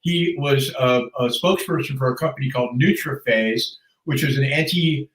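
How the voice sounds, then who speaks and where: A man in his fifties, a podcast guest, telling stories in an animated casual way and laughing often. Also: mid-range voice, moderate pace, distant mic. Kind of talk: casual storytelling chat. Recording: roomy sound, off the mic.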